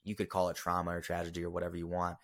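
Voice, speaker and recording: A man's voice: low voice, monotone, very fast, a bit bright. A young man, a podcast guest, telling a personal story in an earnest, emotional way with many fillers and restarts. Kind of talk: casual storytelling interview.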